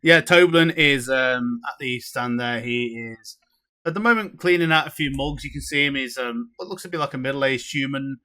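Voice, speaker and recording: Bright-voiced man narrating as game master. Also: mid-range voice, normal speed. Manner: relaxed, chatty, full of filler words.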